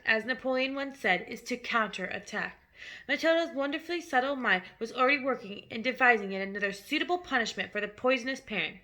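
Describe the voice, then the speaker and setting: A woman's voice: a little high, pushed and bright. A woman teacher reading a storybook aloud expressively, adding casual asides to her listeners.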